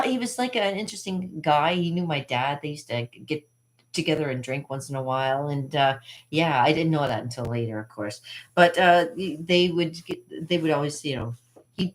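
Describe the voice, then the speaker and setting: A woman with a low, deep speaking voice who hosts a magic channel. She tells childhood stories in a loose, digressive way, laughing often and leaning on "uh" and "you know.". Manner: chatty, digressive, laughs often, many fillers. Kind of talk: rambling personal storytelling.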